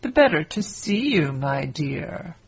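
A woman voicing a sly wicked male wolf disguised as a grandmother, speaking in a muffled voice, quicker and higher than her narration. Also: big pitch swings, breathy edge, heavily acted.

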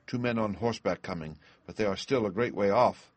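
Man voicing a calm young sister keeping watch, low soft lines, storybook. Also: brisk, no echo, close to an everyday voice.

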